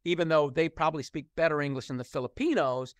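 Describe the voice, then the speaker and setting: A middle-aged man with a fairly high voice talks as a guest in an interview. He explains things at length and works through his points with restarts and fillers. The sound is dry and close, with no room echo. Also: fast. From United States. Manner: thoughtful, many restarts and fillers. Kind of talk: conversational interview.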